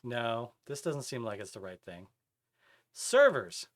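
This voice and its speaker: Animated man chatting on a live stream. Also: medium pitch, unhurried. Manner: animated, chatty, reads chat aloud. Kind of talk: casual live-stream chat while gaming.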